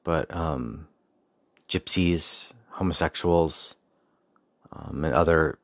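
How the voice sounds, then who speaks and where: A young adult man with an extremely low, deep voice tells a personal story as a podcast host. He rambles casually, restarting sentences and adding asides, and turns to reflections on his faith. The sound is dry, with no room echo. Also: slow, fairly bright tone.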